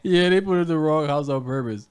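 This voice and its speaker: A young male podcast co-host tells a story in casual conversation, laughing often and swearing freely in a loose, profane style. His voice is a little high and slightly mellow, with a quick pace and a clean sound.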